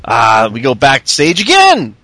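A man talks casually with a lively, swooping delivery, acting out other people's lines as he goes. His voice sits high and bright, and he curses freely. The sound is close and dry. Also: measured pace, dry recording. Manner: lively, profane, acts out wrestlers' lines in put-on voices. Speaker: podcast co-host recapping wrestling. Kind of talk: casual chat.

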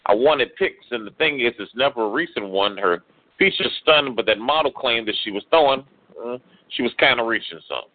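A man's voice: medium pitch, expressive, a little fast. Man performing exasperated spoken word poetry. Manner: rhythmic, rhyming, exasperated delivery. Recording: tinny phone-like radio audio.

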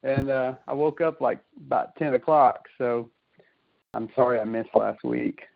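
A man's voice: medium pitch, unhurried, gravelly. A man telling a rambling, laughing story in a casual chat on a community call. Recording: dull lo-fi call audio.

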